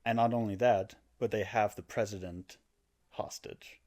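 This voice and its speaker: At a normal speed and in a lowish voice, this man recounts a video game story for a podcast he co-hosts. The chat is casual and animated, and he acts out character lines in different voices, laughing along.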